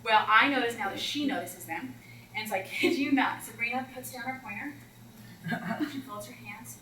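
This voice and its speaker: A woman math coach talking teachers through classroom routines in a chatty, animated way, acting out scenes with students. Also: on the high side, normal speed, slight background noise. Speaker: math instructional coach leading a teacher workshop. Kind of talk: presenting to teachers. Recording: roomy echo, far from the mic, faint ambience.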